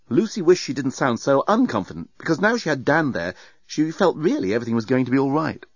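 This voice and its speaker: Man, audiobook narrator, wry storytelling, lively pitch, dull muffled recording. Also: quick pace, slightly rough, no room sound.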